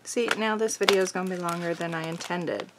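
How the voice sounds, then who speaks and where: A woman hosting a crafting video, chatting casually and thinking aloud, bubbly and easily excited. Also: fairly low pitch, brisk, very noisy.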